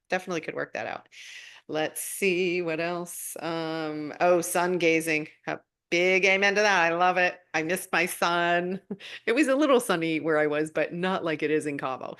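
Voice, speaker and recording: A middle-aged woman hosting a live spiritual guidance stream, chatting casually as she answers viewer comments, laughing often and swooping up in pitch when excited.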